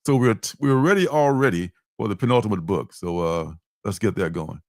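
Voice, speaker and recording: A man hosting a comic book stream in a loose, joking, rambling way, chuckling as he goes. His voice is low and gravelly, with a lively, swooping pitch. The sound is close and dry. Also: brisk, no echo. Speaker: livestream host. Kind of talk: casual comic book chat.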